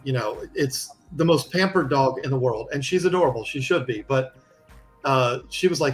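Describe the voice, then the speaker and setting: A man chatting casually on a live stream, blunt and quick to laugh. His voice is mid-pitched and plain, and faint music plays behind him. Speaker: aquarium YouTuber.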